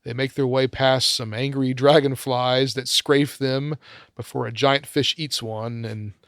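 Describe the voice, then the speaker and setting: Man calmly recapping a movie plot. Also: mid-range voice, unhurried, no room sound. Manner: narrates the plot step by step with dry asides. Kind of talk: casual film discussion podcast.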